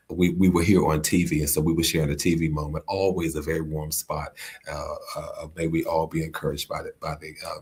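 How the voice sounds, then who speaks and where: Host, middle-aged man, deep gravelly voice with husky edge, casual inspirational livestream chat. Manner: warm greetings to viewers, many restarts, preachy repetition. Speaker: host of a live-streamed talk show. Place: indoors at a friend's home while traveling.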